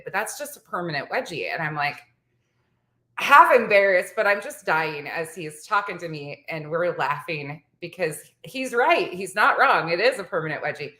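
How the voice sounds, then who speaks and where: A woman's voice: fairly low pitch, expressive, normal speed, pushed and bright, reverberant. A woman in her forties telling a story to the camera in a chatty vlog, laughing often as she goes. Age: 40s. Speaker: vlogger. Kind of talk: casual storytelling chat.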